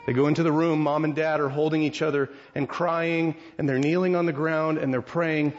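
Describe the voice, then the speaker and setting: A man preaching a sermon, retelling a story with animated acted voices. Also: fairly high pitch, brisk, slight background noise. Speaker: pastor. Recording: dull lo-fi sound.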